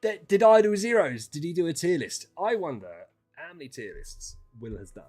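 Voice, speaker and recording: His voice is fairly high and sing-song, at an ordinary pace. He streams casual chat with viewers, ranting and swearing, alternating between quiet muttering and loud outbursts.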